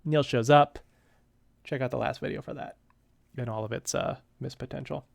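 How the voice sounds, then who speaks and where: A man's voice: medium pitch, steady tone, normal speed, gravelly, dry recording. A man in his thirties reading a comic aloud and commenting on it in a chatty way, with wry asides.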